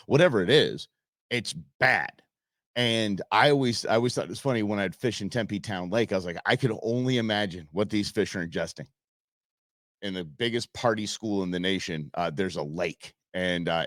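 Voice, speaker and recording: Deep-voiced man hosting a rambling talk show. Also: no room sound, studio quality. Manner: rambling, animated, chatty with fillers and restarts. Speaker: radio show host. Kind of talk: casual radio talk.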